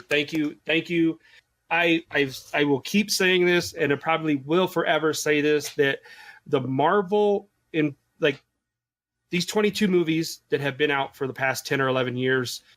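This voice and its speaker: A man in his thirties co-hosting a podcast, excitable and profane, gushing in casual chat. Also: a little high. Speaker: podcast co-host.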